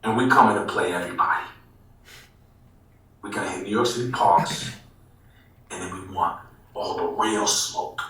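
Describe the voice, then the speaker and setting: Animated man telling a story, echoey room. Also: low voice, normal speed, long pauses. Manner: animated, swears freely, says bro a lot. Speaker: interviewee. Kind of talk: casual storytelling interview. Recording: echoey room, mic far off.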